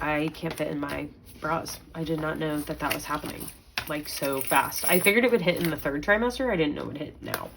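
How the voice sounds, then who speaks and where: A woman's voice: lowish voice, a little hiss or hum, low-quality recording. A young woman, chatting casually as she counts out budget money in a vlog. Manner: chatty, counting aloud, mild self-talk. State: pregnant. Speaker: budgeting vlogger. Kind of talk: casual chat while counting cash.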